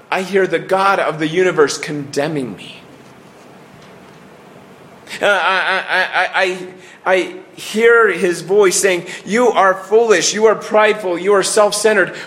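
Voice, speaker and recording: A middle-aged man with a high, slightly bright voice preaches a sermon earnestly. He often restarts and lets phrases trail off into falling pauses.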